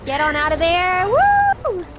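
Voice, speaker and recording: A woman streaming an online game, chatting casually with friends, excitable and quick to laugh and whoop. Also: high voice. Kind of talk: casual gaming chat with friends. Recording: game music behind the voice.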